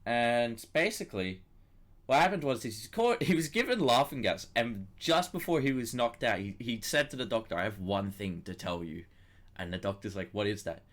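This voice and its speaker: A man's voice: mid-range voice, lively intonation, moderate pace. A young man hosting a podcast, talking casually in long, rambling stretches with hesitant restarts. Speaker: podcast host. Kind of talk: casual chat.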